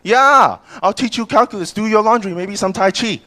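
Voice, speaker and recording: A man's voice: high-pitched, pushed and bright, voice pushed up. A comedian putting on a sleazy, overconfident male flirt with a Chinese accent, purring smarmy pickup lines in a stand-up bit. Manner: smarmy, teasing pickup lines, drawn-out questions.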